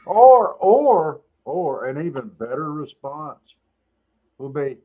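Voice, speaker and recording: A man's voice: a little high, sing-song, takes it slowly, mellow, dull audio. A man hosting a morning show, chatting casually in a teasing way and laughing often. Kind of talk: casual joking chat.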